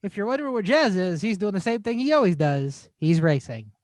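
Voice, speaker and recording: A male podcast co-host voices a joking mock commercial full of deadpan asides. His voice is high and very animated in pitch. The sound is dry and close, with no room echo. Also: a little fast.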